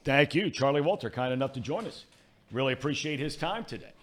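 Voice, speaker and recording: A man's voice: medium pitch, animated, brisk. A man hosting a sports talk show, upbeat and bantering. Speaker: host.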